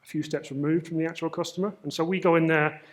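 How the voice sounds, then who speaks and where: A man with a northern English Manchester accent presents at a conference. His voice sits a little high, and he talks casually with plenty of ums and self-deprecating asides. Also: fairly even intonation, fast. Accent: Mancunian English. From Manchester, northern England. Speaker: conference speaker. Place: conference stage.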